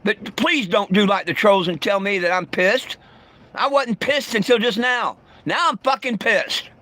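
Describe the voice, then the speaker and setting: Profane man with a high, bright voice. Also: normal speed. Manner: blunt and profane, stammering restarts, irritable. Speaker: vlogger livestreaming to viewers. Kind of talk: casual livestream rant.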